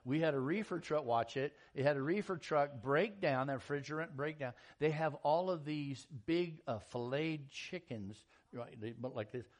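A man preaching a sermon in a folksy, animated storytelling style, acting out quotes and jokes. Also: fairly high pitch, moderate pace, hardly any pauses. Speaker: pastor.

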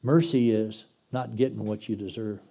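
A middle-aged man preaching a sermon as pastor, folksy and blunt, moving between loud exhortation and quiet intensity. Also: lowish voice, steady tone, moderate pace, vocal fry.

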